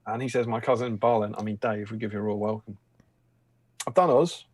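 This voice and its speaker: A man's voice: fairly low pitch, fairly even intonation, a little fast, darkish tone, a little hiss or hum. A man co-hosting a casual painting stream, reading out viewer comments with a joking manner. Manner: jokey, reads out chat messages aloud.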